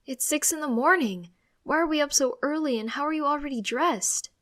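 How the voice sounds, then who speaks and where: A jittery teenage boy who whines and stumbles over his words when cornered, played by a woman reading the story. His voice rises high as nerves take hold in this audiobook scene. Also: sing-song, slow pace, a little mellow. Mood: whiny. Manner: whiny, stammering when nervous. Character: anxious teenage boy, whiny and flustered.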